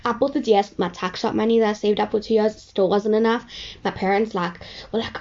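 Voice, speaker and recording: A woman's voice: mid-range voice, steady tone, a little fast, a little mellow, muffled recording. A woman telling a rambling, chatty story full of "like". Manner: rambling, chatty, heavy use of "like". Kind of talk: casual storytelling.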